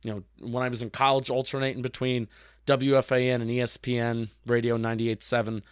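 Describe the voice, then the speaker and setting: A man's voice: medium pitch, little pitch movement, clear, resonant tone, no echo. Young man chatting football, dry mic. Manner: chatty, restarts often, quick to agree. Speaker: podcast co-host. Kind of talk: casual sports chat.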